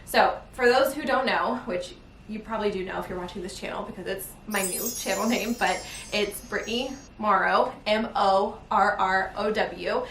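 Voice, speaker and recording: A woman's voice: medium pitch, a bit bright, a little hiss or hum. Chatty young woman vlogging in a roomy space. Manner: chatty, rambling, laughs mid-sentence. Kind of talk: casual chat while folding laundry. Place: room at home, indoors. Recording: roomy home recording from a distance.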